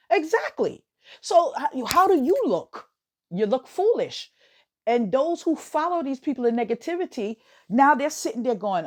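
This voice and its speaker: An American woman hosting a podcast, talking casually in an animated way, laughing often and swooping up high for emphasis. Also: moderate pace. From United States. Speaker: podcast host. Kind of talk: casual monologue.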